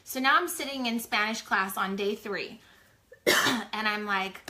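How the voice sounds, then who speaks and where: Casting: woman, 40s, chatty live-chat storyteller, bright forward voice. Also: medium pitch, unhurried, a little hiss or hum. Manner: chatty, animated, heavy use of "like". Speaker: small business co-owner sharing her story.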